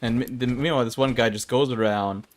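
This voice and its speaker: A man's voice: mid-range voice, fairly even intonation, fast talker. A young man streaming an online game, rambling through casual commentary with self-mocking asides. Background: game music.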